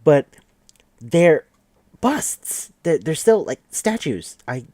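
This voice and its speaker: A man's voice: fairly high pitch, big pitch swings, slow pace, dark tone, no echo. A man hosting a podcast, giving a casual, rambling, profane recap of an anime with wry asides. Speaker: podcast host.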